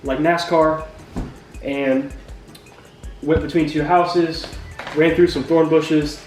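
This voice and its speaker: A man telling a funny personal story, with jokey deadpan asides and acted-out sound effects. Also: on the high side, takes it slowly. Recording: roomy echo from a distant mic with music behind.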